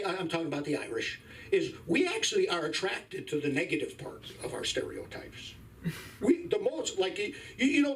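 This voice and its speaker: A man's voice: high-pitched, fairly bright tone, far from the mic. Profane stand-up comic in his fifties. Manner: crude, profane, wry storytelling. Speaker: stand-up comedian. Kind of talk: stand-up comedy set. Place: comedy club stage, live.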